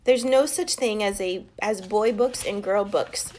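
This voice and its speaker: A woman's voice: medium pitch, unhurried, a little mellow, close to an everyday voice. A woman voicing a confident, cheerful young schoolgirl in a storybook, self-assured in tone. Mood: firm.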